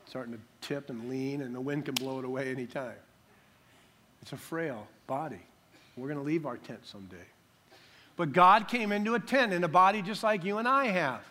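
An older man preaching a sermon as pastor, emphatic, slowing down to stress key words. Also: sits high, a bit bright.

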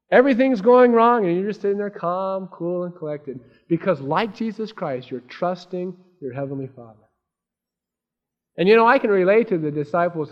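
A male pastor delivering a sermon with a fairly high voice and a wide, swinging delivery. He rises into excited cries when he voices worried people and sinks low for quiet points. The recording sounds dull and lo-fi. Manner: animated, acts out frantic voices of the disciples.

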